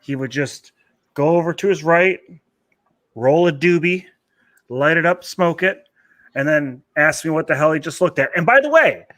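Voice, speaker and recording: A man's voice: a little high, lively intonation, moderate pace, a bit bright, no echo. A man co-hosting a casual chat, easygoing, who slips into a sponsor plug. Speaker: co-host.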